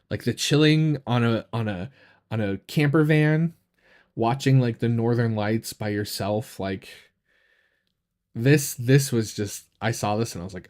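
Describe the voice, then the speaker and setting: A man hosting a casual live stream, chatting in a relaxed, rambling way with many fillers and restarts, enthusiastic about what he shows. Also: lowish voice, measured pace. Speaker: tarot reader and channel host.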